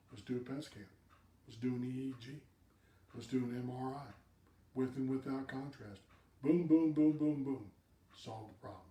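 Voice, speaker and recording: A man's voice: medium pitch, warm tone, reverberant, recorded from a distance. A man hosting a live video cast, giving direct advice to viewers and repeating words for emphasis.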